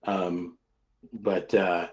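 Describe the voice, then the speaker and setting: A man's voice: low-pitched, little pitch movement, drawn-out words. A man from Texas with a light Texas accent, chatting casually and rambling with fillers on a stream. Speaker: streamer guest. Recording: dull lo-fi stream audio.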